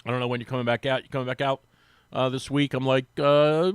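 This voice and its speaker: A man on sports radio telling a long anecdote in casual chat, acting out the quotes with a rising, lively voice. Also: medium pitch, a little fast, clean tone, no room sound. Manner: animated, acts out quotes with rising voice. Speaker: sports radio guest, former team reporter. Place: radio studio.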